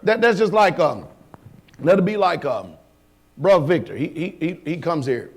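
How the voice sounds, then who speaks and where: A man preaching a sermon as pastor, talking in a colloquial way with rhetorical questions, dropping to low asides and rising to shouts. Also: expressive, moderate pace, slightly rough.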